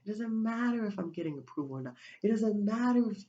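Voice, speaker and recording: Woman preaching spiritual self-help, mellow voice, kinda muffled lo-fi audio, repeats herself a lot. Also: mid-range voice, lively intonation, fast talker. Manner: repetitive, preachy, many restarts. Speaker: motivational speaker. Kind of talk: spiritual pep talk.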